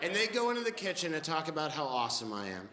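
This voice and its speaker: Man in his twenties, stand-up comedian, wry animated storytelling, live club stage, handheld mic, roomy echo, background noise. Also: a little high, quick pace, a crowd in the background. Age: 20s.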